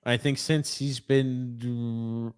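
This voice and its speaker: A man's voice: medium pitch, level tone, slow, clear, resonant tone, dry recording, studio quality. A man hosting a podcast, reading out listener comments and chatting casually about hockey with loose swearing. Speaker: podcast host. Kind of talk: casual sports chat.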